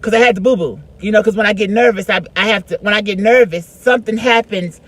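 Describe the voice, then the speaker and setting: A woman vlogger telling a casual story in a chatty, slangy way, swinging between hushed and loud. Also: mid-range voice, fast, rough recording. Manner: chatty, slangy, lots of "like" and "you know".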